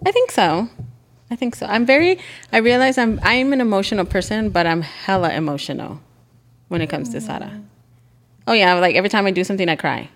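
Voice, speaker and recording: A middle-aged woman co-hosting a casual chat podcast, telling family stories in a joking, animated way and mixing in Spanish words. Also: medium pitch, a little fast. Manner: animated storyteller, joking, acts out family quotes. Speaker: podcast co-host.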